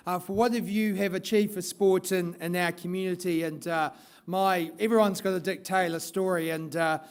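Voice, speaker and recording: High-voiced New man, halting tribute. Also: steady tone, clear, resonant tone. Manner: halting, with frequent fillers. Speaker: presenter of the award. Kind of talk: tribute speech with a personal story. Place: awards ceremony on stage.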